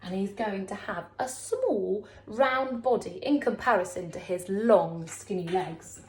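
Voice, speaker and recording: A woman primary school teacher giving a recorded lesson to young children, talking slowly in an encouraging, sing-song way. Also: animated, slight background noise. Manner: slow, sing-song, encouraging teacher talk with big pitch swings. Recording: echoey room.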